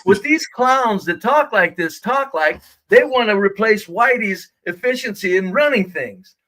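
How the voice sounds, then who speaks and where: Male livestream co-host, high bright voice, blunt and emphatic. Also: animated, unhurried, poor audio. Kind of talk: casual live-stream chat.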